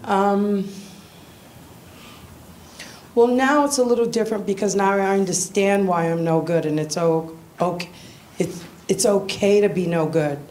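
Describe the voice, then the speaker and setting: A woman visiting a church, giving a tearful, halting personal testimony with nervous laughs. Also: mid-range voice, a little mellow.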